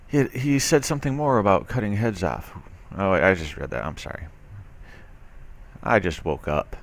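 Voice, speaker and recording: With a low voice, vocal fry and a slightly bright sound, a male commentary video host reads a news article and comments on it. His tone is skeptical and sarcastic, and his loose delivery is full of fillers and restarts.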